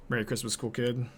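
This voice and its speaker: A man live-streams a card game, thinking his plays through aloud in casual commentary and answering viewers' questions as he goes. His voice is medium-pitched, with slight background noise.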